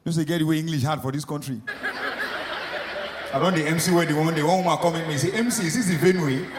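A Nigerian man doing stand-up comedy, animated and mixing pidgin with English as he acts out characters. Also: a little high, quick pace, background noise.

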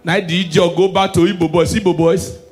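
High-voiced Nigerian Pidgin comedian. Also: male voice, little pitch movement, a little fast. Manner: swings from low preachy asides to loud shouted punchlines. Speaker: stand-up comedian. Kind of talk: stand-up comedy set.

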